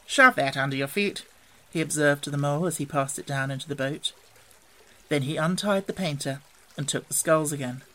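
A storybook narrator with a middle-pitched voice, reading in a calm and measured way. The delivery is even and unhurried, letting the scene unfold softly between the character voices. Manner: calm, measured, softer than the dialogue.

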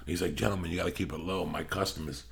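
Brief: middle-aged podcast host, low and gravelly, loose and profane. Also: male voice, steady tone, quick pace. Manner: profane, rambling, bursts into yelling when acting out quotes. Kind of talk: casual storytelling chat.

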